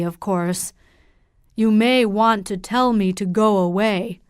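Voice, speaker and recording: A woman's voice: medium pitch, no echo, studio quality. A woman reading the lines of a stern middle-aged male doctor in an audiobook, firm and direct.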